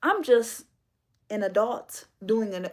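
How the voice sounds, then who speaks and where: Female livestream host, slightly high pitch, forceful sermon-like confrontational delivery. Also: lively intonation, slow pace. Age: adult. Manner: emphatic, preachy, confrontational. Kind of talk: livestream monologue.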